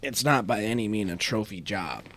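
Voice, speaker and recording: Young man, low voice, relaxed rambling podcast talk. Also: normal speed. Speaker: podcast co-host. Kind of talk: casual chat.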